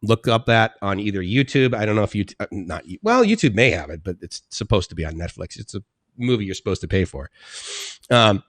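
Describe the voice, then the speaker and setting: Rambling, chatty man with a low voice. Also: sing-song, brisk, dry recording, studio quality. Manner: rambling, chatty, laughs often, restarts. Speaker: live stream host reading chat. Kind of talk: casual live stream chat.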